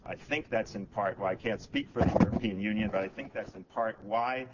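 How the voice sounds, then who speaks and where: A man presenting on a conference panel, speaking in a measured, explanatory way. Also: lowish voice. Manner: measured, policy-minded, frequent fillers and restarts. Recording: dull lo-fi conference recording, faint noise.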